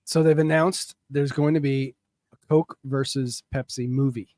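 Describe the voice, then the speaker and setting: A man's voice: mid-range voice, fairly even intonation, moderate pace, darkish tone, no echo. A man co-hosting a casual podcast, bringing up news items and explaining them. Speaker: podcast co-host. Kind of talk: casual chat.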